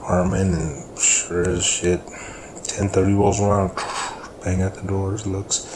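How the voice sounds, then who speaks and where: A man casually telling a story in a rambling way, jumping up in pitch when he quotes his characters. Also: level tone, slow, echoey room, noisy background.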